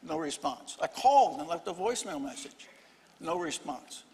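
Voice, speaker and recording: An older historian on a panel speaks slightly high for a man, telling a story in stop-start phrases with dry humor. The live hall gives his voice a long, trailing reverb. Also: animated, darkish tone. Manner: halting, many restarts, wry storytelling. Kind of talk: panel discussion.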